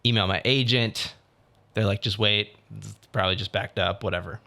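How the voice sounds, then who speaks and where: Animated young man telling a story. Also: lowish voice, moderate pace, creaky. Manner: animated storytelling, acts out others' lines. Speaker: podcast co-host. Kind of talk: casual chat.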